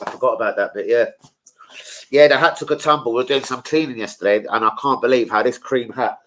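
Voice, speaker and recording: A middle-aged man, hosting a casual football fan livestream and bantering with viewers in a sweary, animated way. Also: medium pitch, fast talker, low-quality recording. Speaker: football fan channel host.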